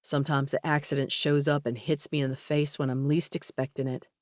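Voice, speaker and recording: A woman's voice: sits low, flat delivery, fairly quick, darkish tone, no room sound, studio quality, close to an everyday voice. A woman voicing an earnest male cruise director in an audiobook, dropping her voice a little.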